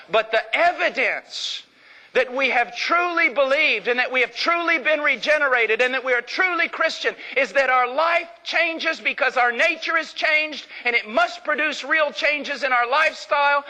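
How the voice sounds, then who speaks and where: Bright-voiced man preaching in an echoing hall. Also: high-pitched. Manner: emphatic, repetitive preaching. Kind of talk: sermon. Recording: long hall reverb.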